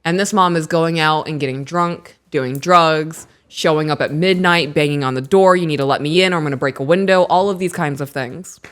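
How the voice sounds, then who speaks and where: A woman in her thirties co-hosting a podcast, chatting casually, reading aloud from a book and acting out what people said in animated stories. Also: low-pitched, brisk, hardly any pauses. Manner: animated storyteller who acts out quotes. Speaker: podcast co-host.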